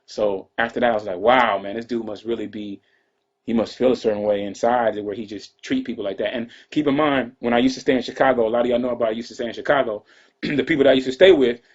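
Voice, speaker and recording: A man tells a personal story in a quick, husky voice, drawling and looping back through asides and restarts. His voice comes through a dull, lo-fi livestream recording. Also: medium pitch, steady tone. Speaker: rapper telling a story to fans. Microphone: livestream computer mic.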